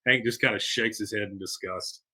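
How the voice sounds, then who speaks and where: A man's voice: on the low side, steady tone, normal speed, sharp tone, husky. A man hosting a podcast, chattily recapping a cartoon episode and laughing as he retells scenes. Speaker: podcast host.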